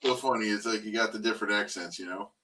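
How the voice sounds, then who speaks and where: Bright teasing man. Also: on the low side, quick pace, low-quality recording. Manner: joking, teasing banter. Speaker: co-host. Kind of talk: casual sports podcast chat.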